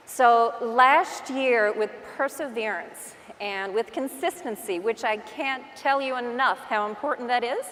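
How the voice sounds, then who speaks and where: A woman's voice: fairly high pitch, fairly bright tone. Chatty woman with a Newfoundland accent, big hall. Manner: chatty, self-deprecating storyteller. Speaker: real estate agent giving a conference talk. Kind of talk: conference keynote talk. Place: large conference hall.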